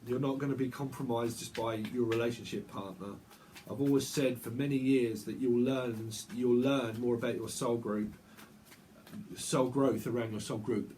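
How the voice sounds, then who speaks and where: A man giving a casual tarot reading, chatty and rambling, with quick asides. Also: medium pitch, steady tone, warm tone, a little hiss or hum. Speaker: tarot reader.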